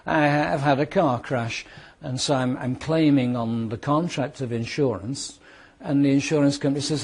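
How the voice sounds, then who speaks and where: A British man teaching a law class to students, explaining with worked examples and repeating key points, sometimes speeding up and sometimes slowing down for emphasis. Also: mid-range voice, steady tone, a little mellow, husky. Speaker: law lecturer. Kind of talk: classroom lecture.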